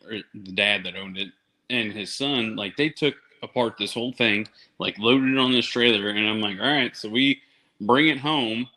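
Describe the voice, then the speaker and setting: A man's voice: lowish voice, moderate pace, pushed and bright, rough recording. A man chatting casually as a podcast guest, telling a story in an easygoing way with dry asides. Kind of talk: casual chat.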